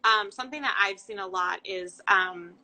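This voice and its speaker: A woman hosting a casual livestream interview over a video call, chatty and quick to agree. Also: mid-range voice, pushed and bright, poor audio. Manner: chatty, frequent agreeing, passionate asides. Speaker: host.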